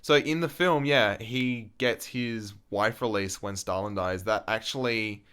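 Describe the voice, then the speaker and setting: A man's voice: fairly low pitch, measured pace, a bit bright, clear, resonant tone. A man co-hosting a podcast, chatting casually about a film in a loose, swearing way, full of restarts and laughs. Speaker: podcast co-host. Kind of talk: casual film discussion chat.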